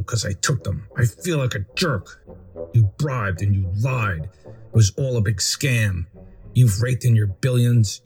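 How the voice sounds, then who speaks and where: A man voicing a fed-up man who rants furiously at his doctor in a rhyming storybook. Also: lowish voice. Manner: shouting, indignant.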